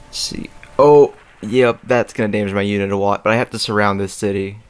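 A young man hosting a let's play, rambling casually with lots of fillers and throat clearing as he plays a strategy game. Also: fairly low pitch, fairly even intonation, brisk. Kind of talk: casual gameplay commentary. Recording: faint game music behind.

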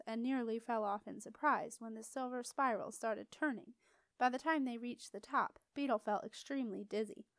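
Expressive woman audiobook reader, higher voice, very dry close sound. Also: no room sound. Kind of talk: storybook narration.

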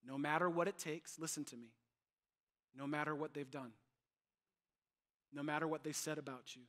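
A man preaching a sermon as pastor, emphatic and animated, repeating his points. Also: a little high, moderate pace.

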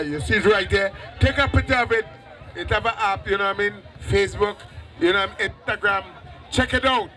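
High-voiced Grenadian man hyping a crowd. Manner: chanting call-and-response, half sung. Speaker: singer on stage. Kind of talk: live soca performance, crowd hype. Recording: loud live event, music and crowd.

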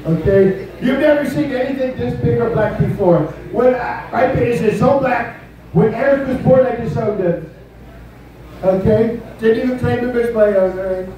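A man with an extremely high-pitched, mellow voice speaks at normal speed in a low-quality recording with heavy reverb, a little hiss or hum, and distance from the mic. In a live stand-up bit, he impersonates a brash, boastful older male politician, rambling, bragging, and tacking "okay?" onto his lines.

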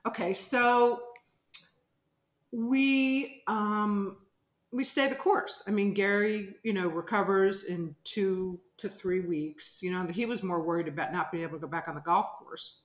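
Animated storyteller woman, roomy sound. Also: medium pitch, a little slow. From New Jersey. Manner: animated storyteller who acts out quotes. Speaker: podcast guest. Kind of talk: casual storytelling interview. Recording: roomy echo.

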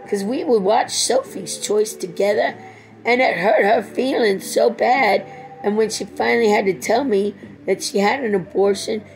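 A woman's voice: mid-range voice, a little mellow, low-quality recording. A middle-aged woman in a rambling personal monologue, profane and swinging between tender and angry.

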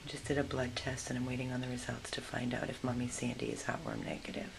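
A woman's voice: a bass voice, flat delivery, quick pace. A woman dog rescuer at a vet clinic, switching between baby talk and soothing whispers to a frightened dog and plain narration. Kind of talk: casual vlog narration and talk to dogs. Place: veterinary clinic indoors. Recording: clear background noise.

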